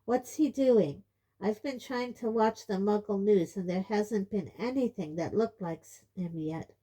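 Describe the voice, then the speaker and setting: A woman's voice: medium pitch, a little slow, dark tone, voice pushed up, lightly acted. A woman reading an audiobook, voicing an eager, impatient teenage boy who asks urgent questions.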